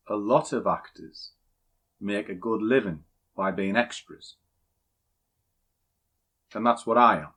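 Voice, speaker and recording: An older man with a somewhat low voice, talking casually and bluntly. He rambles a bit and shares strong opinions like a seasoned trading teacher. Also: fairly bright tone. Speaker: trading educator. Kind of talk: casual rambling talk, then screen walkthrough.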